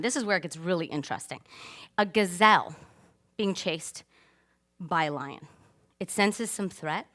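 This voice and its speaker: A woman, probably in her thirties, telling a personal story to an audience, animated and acting out the moments she describes. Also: on the low side. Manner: animated, acts out voices and screams in her story. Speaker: speaker giving a stage talk.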